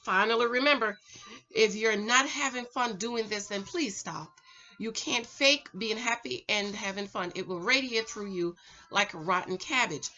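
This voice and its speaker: A woman's voice: mid-range voice, moderate pace, lo-fi sound. A middle-aged woman, chatting casually to camera at home, giving preachy dating advice. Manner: chatty, preachy, animated, talks straight to the viewer. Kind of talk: casual vlog chat.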